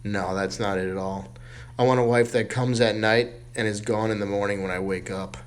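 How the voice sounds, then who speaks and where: A man's voice: on the low side, fairly even intonation, moderate pace, lightly acted. A man voicing Little Johnny, a cheeky young schoolboy who delivers smug punchlines.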